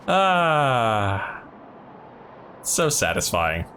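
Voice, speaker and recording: Wildly animated laughing gamer man. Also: sits high, slight background noise. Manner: animated, laughing, reacting loudly. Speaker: gaming channel host. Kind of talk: let's play commentary. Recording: voice over game audio with faint music.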